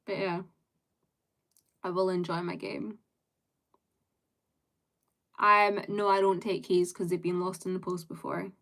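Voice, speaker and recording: A woman's voice: lowish voice, level tone, unhurried, creaky, long pauses, fairly bright tone. A young adult woman live streaming, chatting casually with viewers in a rambling way, full of fillers and light laughter.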